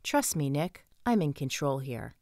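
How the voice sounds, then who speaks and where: A woman reads a cocky young rock drummer in an audiobook, confident and self-assured. The voice is low and dry. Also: big pitch swings, measured pace, a little mellow, dry recording, full character voice.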